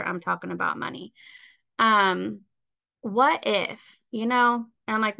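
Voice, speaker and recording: A woman's voice: mid-range voice, moderate pace, creaky, sharp tone, no room sound, dull audio. A woman in her thirties sharing her personal story as a guest on a call, candid and heartfelt, with plenty of fillers. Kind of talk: personal testimony.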